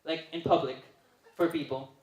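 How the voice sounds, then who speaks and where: A man's voice: on the high side, moderate pace, roomy sound, a crowd in the background. Young man telling a stand-up story. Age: young adult. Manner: animated, chatty, often laughing through lines. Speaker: stand-up comedian at an open mic. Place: open mic night venue.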